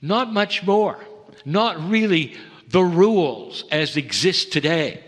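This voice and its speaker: A man giving a slow, earnest channeled spiritual talk, pausing between phrases, recorded in a lecture hall. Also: fairly high pitch, a bit bright.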